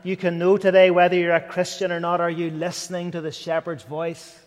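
High-voiced preacher in a reverberant hall. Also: male voice, monotone, a little fast. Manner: earnest, rising to fervent, dropping to near whisper. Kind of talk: sermon.

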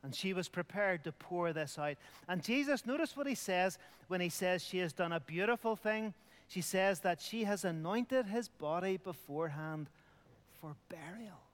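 A man's voice: sits high, animated, normal speed, long reverb tail. A middle-aged man preaching a communion sermon, earnest, dropping to a near whisper at tender points. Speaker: pastor.

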